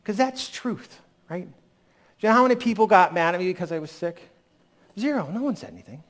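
A man preaching a sermon, his voice sitting a bit high. He talks candidly and conversationally and then lifts sharply into emphatic peaks. He is getting over a lingering cold. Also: expressive, brisk, a bit bright. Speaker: pastor.

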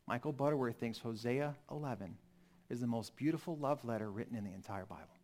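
A pastor preaching a sermon, swinging from emphatic lines to hushed, almost whispered ones. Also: male voice, medium pitch, fast talker.

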